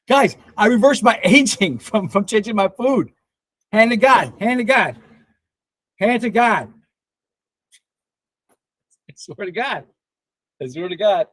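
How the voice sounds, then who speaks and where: A man in his fifties chats on a casual livestream in a fairly high voice, excitable and quick to laugh. He swears freely as he answers the chat, and the sound is close and dry. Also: no echo. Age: 50s. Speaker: livestream host reading chat.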